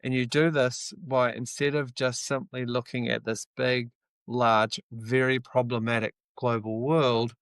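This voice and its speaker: A man's voice: medium pitch, little pitch movement, unhurried, fairly bright tone, clear, resonant tone, no room sound. A middle-aged man from New Zealand with a New Zealand accent, giving an earnest, reflective motivational talk on a live stream, with the odd casual swear. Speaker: livestream host.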